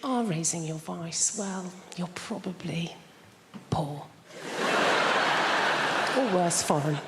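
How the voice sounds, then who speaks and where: A woman's voice: on the low side, slow, noisy background. An English woman doing stand-up with a dry, self-deprecating delivery, performing in a large theatre. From England. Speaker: stand-up comedian. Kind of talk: stand-up routine. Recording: reverberant hall with loud audience.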